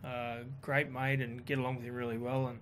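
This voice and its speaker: A man telling a story in a casual chat, animated and swearing, quoting others in his own voice. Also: medium pitch, brisk, slight background noise. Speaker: guest.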